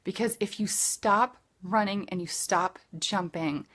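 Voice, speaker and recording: A woman's voice: mid-range voice, a little slow, a bit bright. A woman leading a direct-sales team, giving an earnest, emphatic motivational pep talk in a live video, with lots of repetition.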